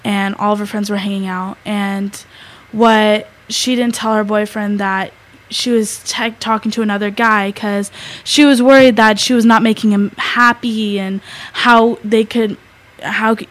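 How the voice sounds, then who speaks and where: A teenage girl co-hosting a talk show, telling a story in a halting way, with many fillers and restarts. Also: medium pitch, fairly even intonation, fairly bright tone, poor audio. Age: teens. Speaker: co-host. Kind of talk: casual storytelling.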